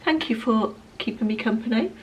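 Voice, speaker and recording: A woman in her fifties chatting casually in a rambling day-in-the-life vlog, full of ums and restarts, sometimes dropping to a soft near-whisper. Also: on the high side, brisk, a little hiss or hum. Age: 50s. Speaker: lifestyle vlogger.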